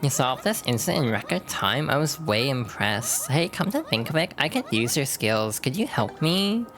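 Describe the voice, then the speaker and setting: A woman voicing a bubbly young valley girl on a game train, high and breathless, with lots of "like". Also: very animated, normal speed, a bit bright, soft background music, heavily acted. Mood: pleading.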